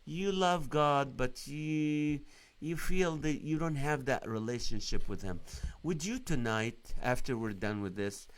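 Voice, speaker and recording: A man's voice: mid-range voice, unhurried, clear, resonant tone. Earnest man preaching on a live stream. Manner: earnest, exhorting, asks many rhetorical questions. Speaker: host of a live Christian stream.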